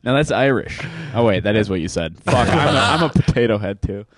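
A man's voice: lowish voice, expressive, a little fast, no echo. A man co-hosting a comedy podcast, eagerly jumping in with jokes. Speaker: podcast co-host. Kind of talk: joking banter.

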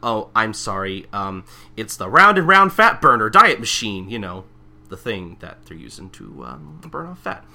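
A podcast co-host with a lowish voice and vocal fry recaps a manga chapter at normal speed. He's lively and casual, rambling along with lots of fillers.

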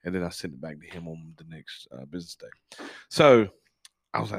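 A man hosting a casual podcast, telling a personal story in a halting, candid way with frequent swearing. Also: low-pitched, lively intonation, vocal fry, slightly rough, no echo, studio quality. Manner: works as an on-call technician, speaks plainly about long shifts. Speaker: podcast host.

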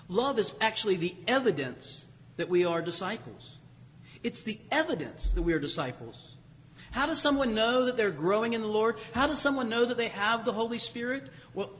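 A high-pitched male preacher delivers a sermon in a church, emphatic and repeating key phrases, slowing down for weight. His voice rolls out with a long reverb across the sanctuary. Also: a bit bright.

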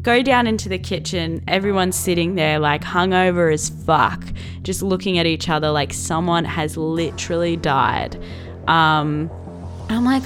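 A woman's voice: lowish voice, unhurried, over music. A young Australian woman in her twenties telling a story in a casual vlog, chatty and profane, full of likes and laughing asides. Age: 20s.

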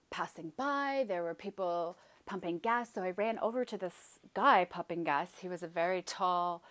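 Woman, personal story, slow and deliberate, emphatic, quoting herself. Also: medium pitch. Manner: emphatic, vivid retelling with quoted outbursts.

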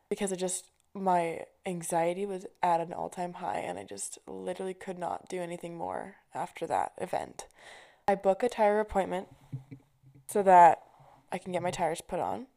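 A woman's voice: on the low side, creaky, dark tone. A young adult woman telling stories in a casual chat, swearing freely and filling her talk with "like". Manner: chatty storyteller, swears freely, many fillers. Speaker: vlogger.

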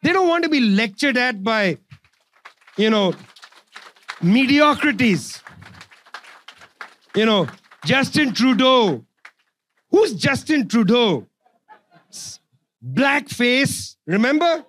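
A man's voice: very high voice, big pitch swings, takes it slowly, long pauses, a bit bright. A man giving an impassioned political speech, sarcastic and emphatic, hammering points home through repetition. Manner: sarcastic, emphatic, repeats phrases. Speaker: public speaker.

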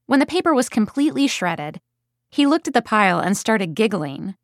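A woman's voice: mid-range voice, big pitch swings, normal speed, no echo. A mother recounts a story about her young son in a plain, conversational way, as read by a woman. The recording is dry and close. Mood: storytelling. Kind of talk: audiobook first-person reading.

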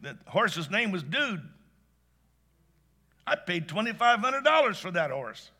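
A man's voice: high voice, big pitch swings, unhurried, sharp tone, heavily acted. A man storytelling, voicing a friendly, folksy meter reader who speaks plainly.

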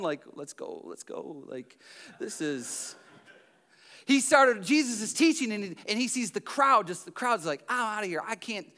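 A man preaching a sermon, animated and emphatic, dropping to quiet asides and near-whispers between loud passages. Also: high-pitched. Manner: conversational asides with the congregation.

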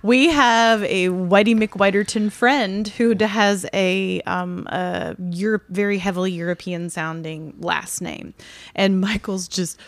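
A woman co-hosting a podcast, chatty and quick to react and laugh as she tells stories. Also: mid-range voice, fairly even intonation, no room sound. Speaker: podcast co-host. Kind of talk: casual chat.

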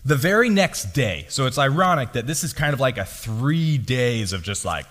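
A man preaching a sermon as pastor, his delivery swinging between loud and hushed. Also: mid-range voice, sing-song, a little fast, few pauses. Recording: long reverb of a hall.

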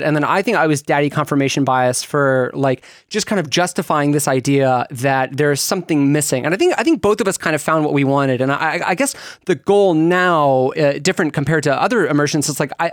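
A young man co-hosting a casual podcast, sarcastic and quick to swear. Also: a little high, dry recording, clean studio sound. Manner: sarcastic, swears freely, animated. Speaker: podcast co-host. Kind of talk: casual chat.

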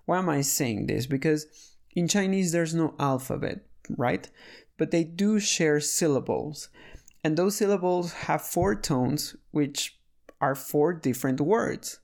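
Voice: mid-range voice, lively intonation, measured pace, vocal fry, darkish tone. A speaker casually telling a story about learning a language, chatty and full of restarts and fillers.

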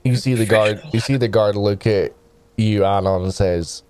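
A man running a tabletop game as game master, narrating in a relaxed way and swearing casually. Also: lowish voice, normal speed. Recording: faint music behind.

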